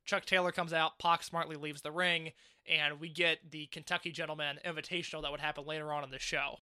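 High, very bright-voiced man. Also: little pitch movement, a little fast, clear, resonant tone, no room sound, clean studio sound. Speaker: podcast co-host. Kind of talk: casual chat reviewing a wrestling show.

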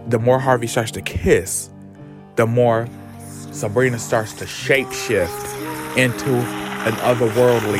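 A man retelling a story in a dramatic, chatty, profane way. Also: fairly low pitch. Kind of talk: casual storytelling recap.

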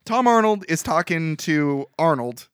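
A man co-hosting a casual podcast, retelling a movie with wry, animated asides. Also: a little high, unhurried, clear, resonant tone, dry recording, studio quality. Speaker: podcast co-host. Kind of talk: casual movie recap chat.

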